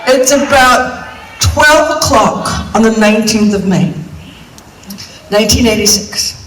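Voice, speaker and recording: A woman's voice: on the high side, a bit bright. A woman on stage telling candid, rambling, self-mocking stories between songs, heard in a comic stage monologue. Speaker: singer performing on stage. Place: large concert venue, indoors. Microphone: recorded from the audience, far from the stage. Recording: distant, echoey arena recording with crowd noise.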